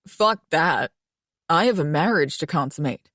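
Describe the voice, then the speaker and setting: A woman's voice: deep voice, lively intonation, measured pace, a bit bright, no room sound, clean studio sound. A woman voicing a brash young husband who talks bluntly and crudely.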